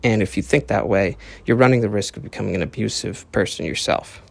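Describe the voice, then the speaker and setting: A man's voice: lowish voice, fairly quick, vocal fry. A young man hosting his own podcast, talking in a casual, profane, rambling monologue with earnest lecturing. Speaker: podcast host.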